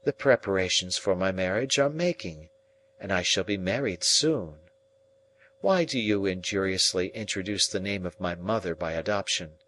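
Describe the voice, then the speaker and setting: A man's voice: sits low, fairly bright tone, a little hiss or hum, rough recording. Estella, a cold proud young woman, read by a man. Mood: firm. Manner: cool, contemptuous, measured.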